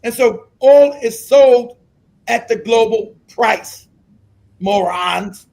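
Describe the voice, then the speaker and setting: Streamer host, man, high voice, profane combative rant. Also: slow pace, creaky. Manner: profane, combative ranting, shouts at times. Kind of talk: ranting live-stream commentary.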